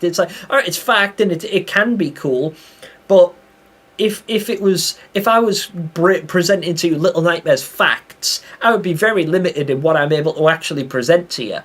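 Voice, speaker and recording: A man's voice: sits high, fairly bright tone. A young British man streaming a game live, chatting casually, reading the chat aloud and laughing often.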